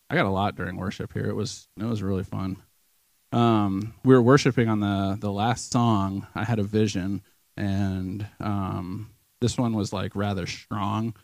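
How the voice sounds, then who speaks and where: A man's voice: on the low side, creaky, darkish tone, no echo. A man giving an informal sermon testimony at church, earnest and conversational, with many ums and restarts. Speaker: church member sharing a vision.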